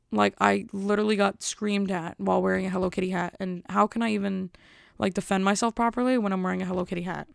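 Gravelly young woman telling a story. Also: mid-range voice, dry recording, studio quality. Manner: rambling, filler-heavy, exasperated retelling. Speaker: vlogger. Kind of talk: casual storytelling.

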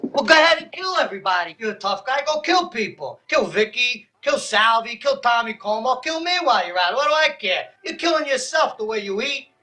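An actor playing a hot-tempered younger brother in a film scene, ranting profanely in rapid bursts. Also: male voice, extremely high pitch, animated, sharp tone, full character voice. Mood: taunting. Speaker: film character.

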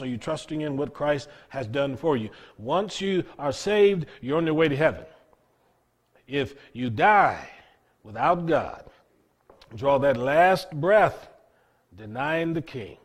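Earnest male preacher, emphatic sermon. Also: mid-range voice. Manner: earnest, emphatic preaching with dramatic pauses and repeated words.

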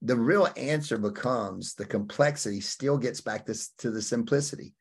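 A middle-aged man from Alabama, a life coach answering an interview question in an emphatic, animated way. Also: mid-range voice, moderate pace, vocal fry, slightly rough. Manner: emphatic, acts out quoted voices, punchy phrasing. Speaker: podcast guest, life coach.

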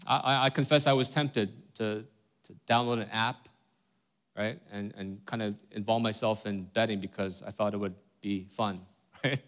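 A middle-aged pastor preaches in a conversational, earnest way, talking directly to the congregation with lots of fillers and tag questions like "right?" and "okay?". His voice sits on the low side, a bit bright, with a steady tone and moderate pace.

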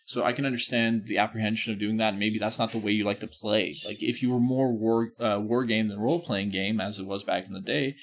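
A man hosts a podcast in loose conversation. His voice is low with a gravelly rasp. He rambles, stresses his points and corrects himself mid-sentence. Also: steady tone, fairly quick, hardly any pauses. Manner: rambling, emphatic, self-correcting. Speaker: podcast host. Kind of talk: casual podcast chat.

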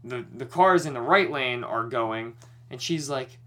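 A man's voice: medium pitch, unhurried, sharp tone. A young man co-hosting a podcast, retelling a story in casual chat with lots of swearing and worked-up energy.

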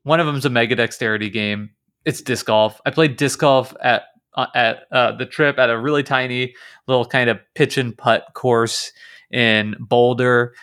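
A man's voice: medium pitch, fairly even intonation, moderate pace, fairly bright tone. A young man from Kansas co-hosting a podcast, telling stories in a chatty way full of fillers and restarts. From Kansas, United States. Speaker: podcast co-host. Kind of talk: casual podcast chat.

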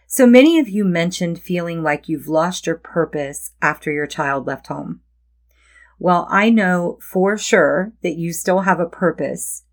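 Middle-aged woman host for a devotional podcast, warm encouraging delivery in a lowish voice. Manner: gentle, encouraging, reflective. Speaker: podcast host and Christian life coach.

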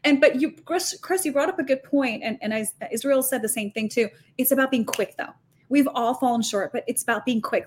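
High-voiced, animated woman preaching. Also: a little hiss or hum. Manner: talks fast with many restarts and fillers. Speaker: podcast guest. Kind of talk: faith-based podcast conversation.

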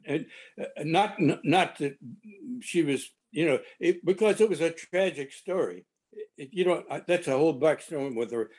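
Older man telling a halting anecdote. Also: fairly high pitch, a little mellow, slightly rough. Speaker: panel guest reminiscing. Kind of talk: casual storytelling.

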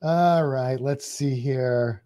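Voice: mid-range voice, very slow, mellow. A co-host chatting casually on a charity livestream, rambling a little and reading viewer comments aloud with mild exclamations.

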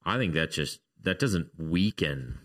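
A man's voice: deep voice, animated, a little slow, fairly bright tone. A man co-hosting a casual faith discussion, arguing his point in an earnest, reflective way.

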